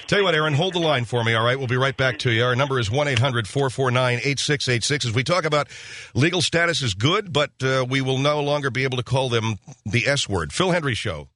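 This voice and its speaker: A man's voice: mid-range voice, fast talker, fairly bright tone, no room sound. A male radio talk show host in a comedy call-in show who speaks in a wry, skeptical way. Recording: hissy broadcast recording.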